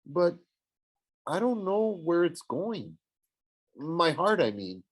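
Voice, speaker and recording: A man voicing an awkward, defiant teenage boy in an audiobook, flustered with quick retorts. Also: a little high, very animated, pitched above the performer's own voice, exaggerated voice. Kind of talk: audiobook character voice.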